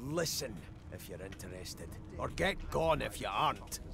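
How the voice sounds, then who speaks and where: Gravelly stern dwarf. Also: male voice, mid-range voice, animated, measured pace. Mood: gruff. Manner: curt, commanding. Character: gruff stern male dwarf on a ship. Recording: game audio with music behind.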